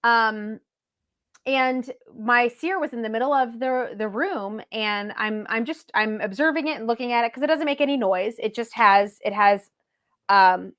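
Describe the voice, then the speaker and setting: A woman guest on a casual livestream video call, telling animated, swear-laden stories about her paranormal gear. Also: on the high side. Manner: animated, swearing, quick storytelling with laughs. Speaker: paranormal equipment maker, guest.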